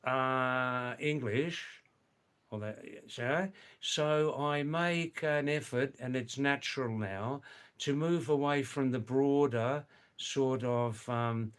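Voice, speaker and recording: An older man in his seventies speaks with a mild Australian accent, easing toward a neutral middle-of-the-road sound. He talks very slowly and deliberately, musing aloud and pausing to call viewers by name as he answers comments on his live stream. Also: medium pitch, clean tone. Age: 70s. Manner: unhurried, musing, pauses to address viewers by name. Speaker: livestream host. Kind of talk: casual live chat reading viewer comments.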